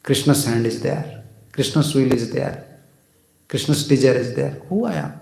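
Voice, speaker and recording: A man's voice: medium pitch, moderate pace, gravelly, a little mellow, echoey room. A man giving a devotional sermon as a swami, emphatic, repeating phrases and asking rhetorical questions. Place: temple hall.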